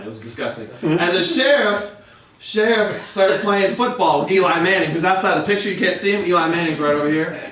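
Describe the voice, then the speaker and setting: A man improvising an absurd comic story about a slide show, rambling and often laughing at his own lines. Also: fairly high pitch. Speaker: comedian. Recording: very echoey room, far from mic.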